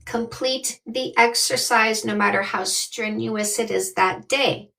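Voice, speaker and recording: A woman's voice: on the high side, slow, creaky, bright, forceful tone, rough recording. A woman in her fifties from Canada, a dating coach giving blunt, emphatic advice on a live call. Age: 50s.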